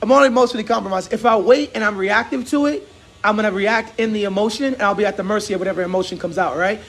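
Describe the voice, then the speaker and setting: A man hosting a casual barbershop chat, telling animated stories and laughing often. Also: high-pitched, very fast, gravelly. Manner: laughs a lot, animated storytelling. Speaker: host.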